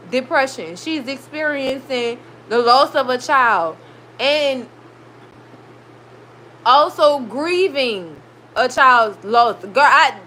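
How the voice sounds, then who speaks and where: Heated, high-voiced woman recapping a show. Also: slight background noise, rough recording. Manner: animated, swearing, heated reactions. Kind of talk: casual TV recap vlog. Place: her room at home. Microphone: recorded.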